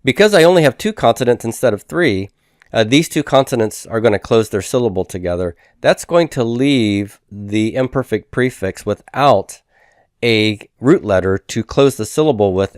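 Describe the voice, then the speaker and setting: A man's voice: mid-range voice, lively intonation, normal speed, darkish tone, dry recording, clean studio sound. A man teaching a grammar lesson, patiently explaining and repeating each form. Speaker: Biblical Hebrew teacher. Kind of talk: recorded grammar lecture.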